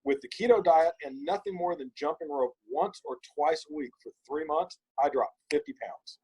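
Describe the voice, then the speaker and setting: A man, a podcast guest, telling an emphatic, animated story in casual conversation. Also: fairly high pitch, normal speed, breathy edge, poor audio.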